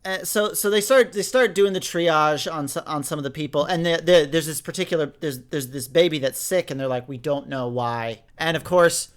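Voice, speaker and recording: A man's voice: on the high side, brisk, hardly any pauses. A young man co-hosting a podcast, rambling through a story recap with lots of restarts. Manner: rambling, frequent restarts and fillers. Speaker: podcast co-host. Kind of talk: casual chat reviewing an audio drama.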